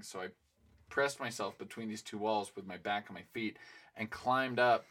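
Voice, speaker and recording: A young man co-hosting a podcast, telling a rambling story in a playful, animated way. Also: fairly low pitch, normal speed. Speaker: podcast co-host. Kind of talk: casual chat.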